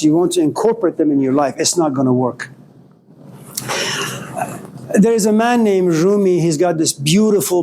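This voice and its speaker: Animated high-voiced man lecturing. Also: slight background noise. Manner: animated storytelling, acts out quoted voices. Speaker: philosophy lecturer. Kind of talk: classroom lecture.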